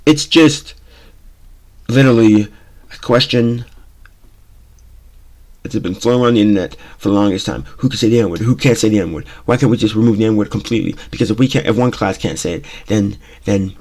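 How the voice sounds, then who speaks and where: A man's voice: on the low side, darkish tone. A man hosting his own talk show, giving blunt, opinionated commentary and often repeating himself with "okay?" and "you know?". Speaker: show host.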